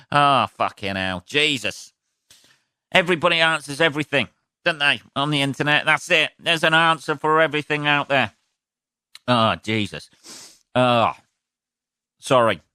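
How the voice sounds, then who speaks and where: A man's voice: fairly high pitch, unhurried, pauses often, sharp tone, smooth, dry recording, studio quality. A man hosting his own podcast, rambling and swearing casually, sniffly from sneezing, laughing at his own jokes. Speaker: podcast host. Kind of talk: casual solo podcast rant.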